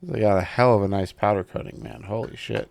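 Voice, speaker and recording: A man's voice: lowish voice, brisk, creaky. A man chatting loosely and profanely as he unboxes and reviews a gaming mouse, joking with his viewers. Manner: profane, excitable, jokey talk to the viewers. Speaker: tech reviewer. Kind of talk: casual unboxing commentary.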